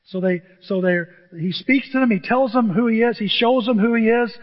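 A male pastor preaching a sermon to his church, animated and emotional, often jumping into excited high exclamations. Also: normal speed. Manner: self-described emotional. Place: church sanctuary with a screen. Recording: dull, long hall reverb.

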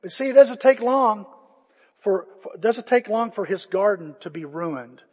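Older guy preaching, kinda husky voice, pitched a bit high, big church reverb. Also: expressive, normal speed, darkish tone. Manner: conversational preaching, retelling scripture with feeling. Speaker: pastor. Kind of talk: sermon. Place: church sanctuary. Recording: long reverb of a church hall.

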